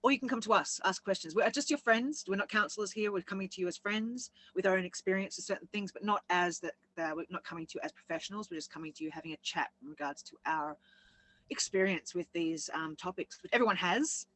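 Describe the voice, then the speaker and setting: A woman's voice: mid-range voice, fast talker, a bit bright, slight background noise, low-quality recording. A woman co-hosting a casual chat, rambling and laughing as she tells her story. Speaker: co-host.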